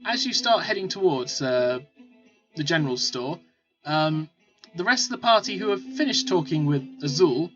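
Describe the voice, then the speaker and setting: A man narrating as game master of a tabletop game, halting with many fillers. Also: on the high side, lively intonation, a bit bright. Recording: dull lo-fi recording with faint music.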